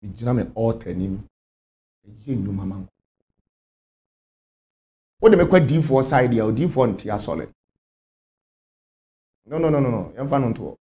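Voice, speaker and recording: A man's voice: medium pitch, animated, normal speed, pauses often, dark tone. A man from Ghana, a spiritual leader, answering interview questions emphatically and repeating his phrases.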